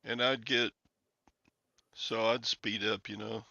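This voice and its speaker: A man's voice: lowish voice, level tone, slow pace, creaky, sharp tone, no echo, dull audio. A man hosting a casual live-stream chat, rambling through anecdotes and laughing often. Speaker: show host.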